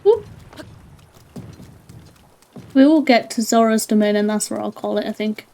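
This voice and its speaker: A woman streaming a video game, chatting casually, playful and quick to laugh. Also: mid-range voice, gravelly, mellow. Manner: playful, laughs often, apologizes in mock panic. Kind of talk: casual gaming commentary.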